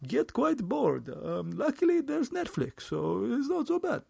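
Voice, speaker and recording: A man's voice: very high voice, big pitch swings, unhurried, vocal fry, a little mellow, breathy edge, voice pushed up, exaggerated voice. A man putting on a droll old Jewish vampire. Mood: coaxing. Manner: mock-persuasive, wry.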